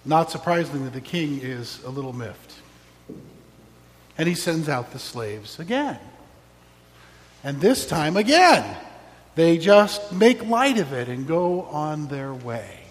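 A man's voice: a little high, sing-song, slow pace, long pauses, big-room sound. A man preaching a sermon as pastor, reflective with wry asides.

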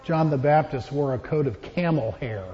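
A man's voice: a little high, moderate pace, big-room sound, muffled recording. A man giving a children's sermon as pastor, playful and joking with the kids. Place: church.

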